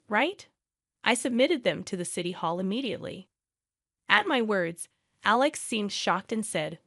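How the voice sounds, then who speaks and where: A woman narrating a first-person drama story in an even, measured reading voice. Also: a little high, no room sound, clean studio sound.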